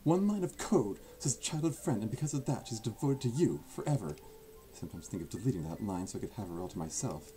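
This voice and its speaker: A proud, sharp-tongued teen girl, as a man voices her for a fan-made visual novel, low and mellow, now earnest, now cutting, slipping into whispers. Faint hiss sits under the voice. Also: lively intonation, fairly quick, hardly any pauses, close to an everyday voice. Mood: remorseful. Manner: earnest, sarcastic, often whispering.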